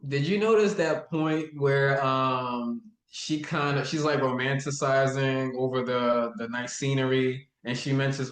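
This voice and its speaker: A man's voice: medium pitch, fairly even intonation, unhurried, hardly any pauses. Laid-back man in an echoey room. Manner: laid-back, agreeing, with frequent "you know what I mean". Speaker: guest co-host. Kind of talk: casual chat.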